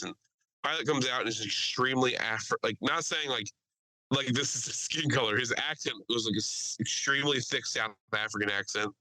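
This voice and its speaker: Podcast host, man, bright forceful voice, dry close sound, crude animated storytelling. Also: mid-range voice, a little fast, no echo, poor audio. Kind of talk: casual storytelling chat.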